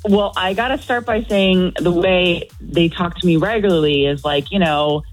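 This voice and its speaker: A woman's voice: lowish voice, normal speed, faint music behind, low-quality recording. A woman co-hosting a morning radio show, trading wry jokes with her partner. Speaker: radio co-host. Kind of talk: casual radio banter.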